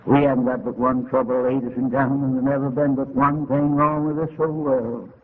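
A man preaching a sermon, telling a homespun story dramatically and climbing to emotional high points. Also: level tone, fairly quick. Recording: tinny lo-fi narrow-band recording.

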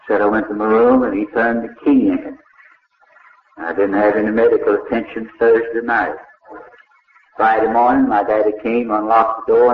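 An older man, preaching a sermon as a slow, dramatic story and voicing the people in it. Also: lowish voice, slight background noise. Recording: echoey hall over a tinny, lo-fi line.

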